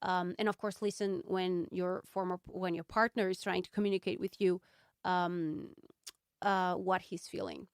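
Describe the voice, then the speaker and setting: A woman hosting a solo podcast, reflecting candidly and thoughtfully, with frequent ums and pauses. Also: lowish voice, fairly even intonation, clean tone, no room sound. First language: Portuguese. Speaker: podcast host.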